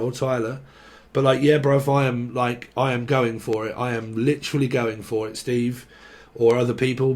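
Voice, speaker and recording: Guy doing a tarot reading, rambly and jokey, swears a lot, mid-pitched voice. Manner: joking, rambling and swearing freely. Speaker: tarot reader.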